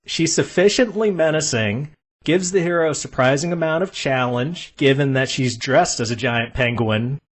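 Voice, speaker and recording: A man's voice: mid-range voice, moderate pace. A man hosting a casual film podcast, asking his co-hosts questions and laughing often. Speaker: podcast host.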